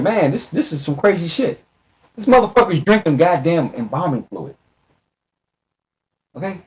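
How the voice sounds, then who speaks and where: A man delivering a profane, emphatic ranting monologue, jumping between slow stressed words and rushed bursts. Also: fairly high pitch, lively intonation, a little mellow, low-quality recording. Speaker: video commentator.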